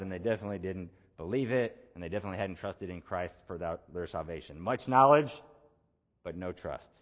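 Man preaching in a long-reverb hall. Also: fairly low pitch. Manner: conversational preaching with emphatic repetition. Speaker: pastor. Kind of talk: sermon.

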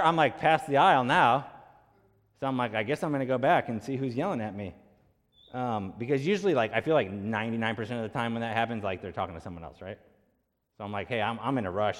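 A man preaching a sermon as pastor, telling a story in a conversational way and acting out the quoted voices. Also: mid-range voice. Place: church sanctuary. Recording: long hall reverb.

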